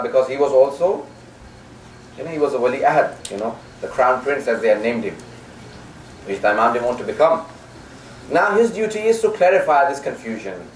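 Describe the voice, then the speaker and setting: A man's voice: medium pitch, far from the mic, slight background noise. Man lecturing in an echoey hall. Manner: storytelling with quoted dialogue, many "you know" fillers. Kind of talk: religious lecture. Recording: echoey hall, recorded from afar.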